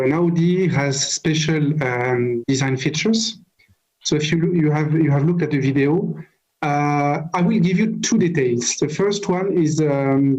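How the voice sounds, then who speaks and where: French-accented man, fairly high voice, halting speech full of pauses, muffled lo-fi call audio. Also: darkish tone. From France. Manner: hesitant, many filler pauses. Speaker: guest, car company manager. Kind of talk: video call interview. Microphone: video call.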